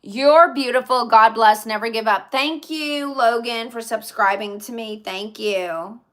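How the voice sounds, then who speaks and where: A woman hosts a live stream, answering her viewers' comments in easy, chatty talk. Her voice is bright and sits a touch high. She takes her time and speaks at an unhurried pace. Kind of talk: casual live-stream chat.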